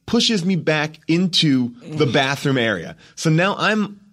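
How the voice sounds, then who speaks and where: A man guest on a podcast, telling a story animatedly, acting out quotes and restarting his sentences fast. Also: a little high, sing-song, a bit bright. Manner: acts out quotes, rapid restarts.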